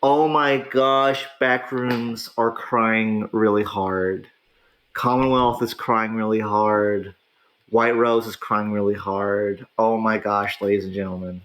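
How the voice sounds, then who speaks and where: A man hosting a casual online talk show, reacting excitably to gaming politics with frequent laughs and drawn-out exclamations. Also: fairly low pitch, rough recording. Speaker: podcast host.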